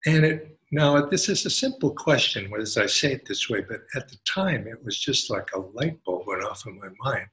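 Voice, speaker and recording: A man giving a devotional talk as a spiritual teacher, telling a personal story in an animated way. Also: medium pitch, moderate pace, rough recording. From United States. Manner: animated storyteller, acts out quotes in a raised voice.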